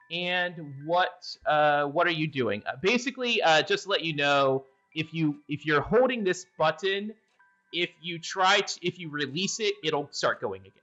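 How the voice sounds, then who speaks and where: A man's voice: on the high side, lively intonation, moderate pace, pushed and bright, soft background music. A man running a tabletop game as game master, narrating with lots of hesitant fillers. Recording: dull lo-fi audio.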